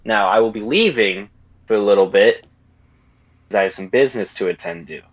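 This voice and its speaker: A man's voice: on the low side, fairly quick, dull audio, lightly acted. A man playing a commanding male gang boss in a tabletop game, stern and threatening, correcting himself as he goes. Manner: stern, rambling, with self-corrections.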